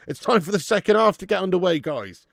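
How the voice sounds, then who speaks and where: Gravelly man hosting a football watch-along. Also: high voice, expressive, fast talker, dry recording, clean studio sound. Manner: casual and sweary, with loud bursts of hype thanking viewers. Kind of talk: live football watch-along chat reading out viewer tips.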